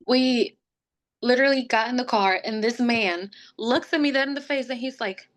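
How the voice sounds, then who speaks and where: Speaking at a moderate pace with a voice on the high side, a young podcast guest shares a personal story in a casual way. She stays animated throughout, performing the lines other people said.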